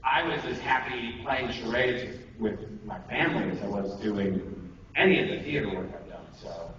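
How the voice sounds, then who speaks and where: A male voice actor runs an acting workshop in a joking, self-deprecating, rambling way. His voice sits at a middle pitch and carries from far off. The sound is dull, with heavy room echo and steady noise from the convention room. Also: moderate pace. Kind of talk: casual convention workshop talk.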